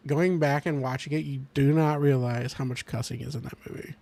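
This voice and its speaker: A man's voice: mid-range voice, fairly even intonation, a little fast, gravelly, a little mellow. A young man hosting a casual podcast chat, rambling with lots of fillers and restarts. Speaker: podcast host.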